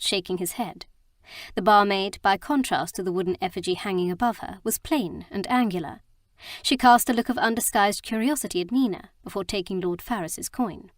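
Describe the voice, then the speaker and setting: A woman narrating a romance audiobook with a steady storytelling delivery. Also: medium pitch, no echo, clean studio sound.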